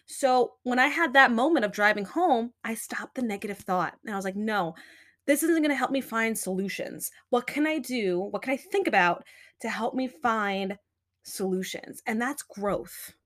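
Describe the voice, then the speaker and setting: A woman's voice: a little high, expressive, moderate pace, fairly bright tone. A young adult woman hosting a podcast, giving earnest, chatty self-help talk full of "you know" and "right". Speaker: podcast host.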